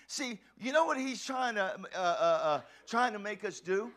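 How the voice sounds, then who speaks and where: A man preaching a passionate sermon as a pastor, often shouting and stumbling over restarts. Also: high-pitched, lively intonation, measured pace, few pauses.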